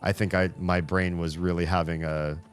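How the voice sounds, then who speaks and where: A man's voice: low voice, little pitch movement, normal speed, soft background music. A man in his thirties chatting casually on a live stream, rambling and self-mocking, laughing often.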